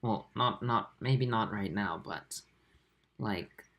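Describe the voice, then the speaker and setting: Young guy in his 20s, livestream chat reading comments, soft and halting, lots of ums. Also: lowish voice, creaky. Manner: soft-spoken, halting, with many fillers. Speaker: aquarium channel host.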